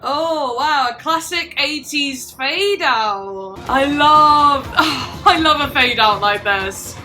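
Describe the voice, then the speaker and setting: A woman's voice: high-pitched, animated, takes it slowly, over music. A woman giving casual reaction commentary on songs, gushing and enthusiastic as she talks. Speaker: music reaction vlogger.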